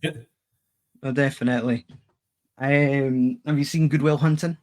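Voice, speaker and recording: A Scottish man co-hosting a podcast in casual chat. He tells stories in a relaxed way, with dry humour and a mid-range voice. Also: mid-range voice, measured pace. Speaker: podcast co-host.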